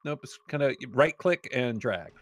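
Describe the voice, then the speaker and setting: A man's voice: mid-range voice, expressive, moderate pace, no room sound. A man co-hosting a game livestream, casually coaching his partner with tips and directions. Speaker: game streamer co-host. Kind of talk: casual gameplay chat.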